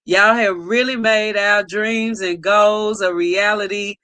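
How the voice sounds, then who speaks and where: A woman hosting a casual livestream, greeting viewers by name with enthusiastic shout-outs. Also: medium pitch, steady tone, slow, smooth, no room sound. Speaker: livestream host.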